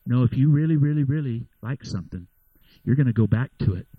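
Animated male preacher. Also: medium pitch, fairly quick, husky, dry recording, narrow, tinny audio. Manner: storytelling, shifting into loud, emphatic preaching. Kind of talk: sermon.

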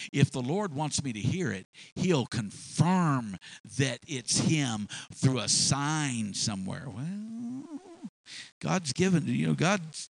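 A man's voice: mid-range voice, lively intonation, takes it slowly, gravelly, dry recording, low-quality recording. A man preaching a sermon with emphatic delivery that rises and falls. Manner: emphatic, rising and falling delivery.

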